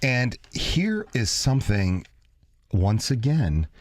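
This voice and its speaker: A man co-hosting a radio show, chatting and telling funny stories in an animated, jokey way. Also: slow pace, dry recording, clean studio sound. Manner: animated, jokey, lively pitch swings. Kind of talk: casual radio banter and storytelling.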